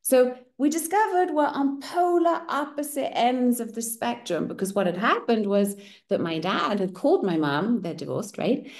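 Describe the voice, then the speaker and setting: A middle-aged woman whose first language is German, hosting a women's circle and telling a personal story in a candid, expressive way that keeps checking in with "right?". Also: medium pitch.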